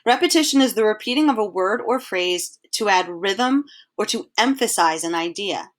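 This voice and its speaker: A woman's voice: mid-range voice, lively intonation, fairly bright tone. Woman teacher explaining poetry terms. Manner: clear, patient explaining, reads poem lines aloud in a slow measured way. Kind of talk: recorded slideshow lesson.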